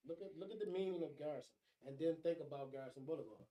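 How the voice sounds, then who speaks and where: Male podcast co-host, emphatic and insistent, somewhat high pitch. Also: very fast, dark tone, low-quality recording. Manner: emphatic, lecturing, repeats points. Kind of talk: casual chat.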